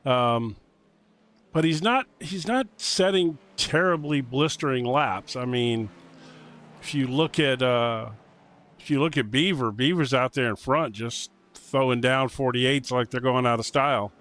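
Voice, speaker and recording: A man's voice: mid-range voice, unhurried, fairly bright tone. Chatty American male co-commentator. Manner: chatty, rambling with um and you know. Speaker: sim racing co-commentator. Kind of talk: live race color commentary.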